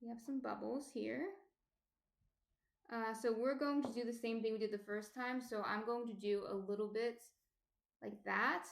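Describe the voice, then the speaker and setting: Woman from New Jersey, chatty baking stream host, slightly high voice, echoey kitchen. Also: gravelly. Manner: chatty, greets viewers by name, explains steps as she works. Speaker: baker streaming a sourdough tutorial. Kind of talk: casual live-stream talk.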